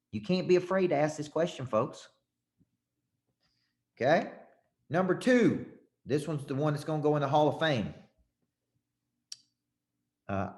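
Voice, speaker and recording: A man with a drawl who coaches salespeople in a folksy, emphatic way. He acts out sales lines and shifts his voice tone. His pitch sits mid-range for a man. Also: moderate pace, pauses often, a little mellow. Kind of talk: coaching talk to a live audience.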